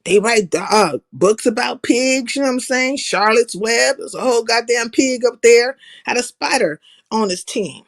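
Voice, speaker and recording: A woman with a somewhat high voice hosts a live stream. She talks bluntly and profanely in a casual, opinionated monologue. She often cracks herself up. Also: normal speed, creaky. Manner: blunt, profane, laughs at her own jokes.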